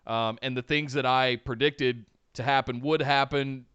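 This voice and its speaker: A man co-hosts a casual wrestling podcast, giving an enthusiastic recap full of fillers. His voice is smooth and resonant at a middle pitch. The recording is dry and close. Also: steady tone, unhurried, a bit bright, no room sound, muffled recording. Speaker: podcast co-host.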